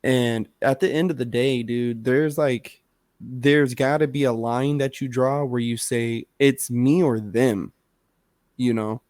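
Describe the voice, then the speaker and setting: A man's voice: mid-range voice, steady tone, takes it slowly, a little mellow, no room sound, clean studio sound. A man co-hosting a podcast, talking in a rambling casual way with lots of fillers and swearing. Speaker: podcast co-host.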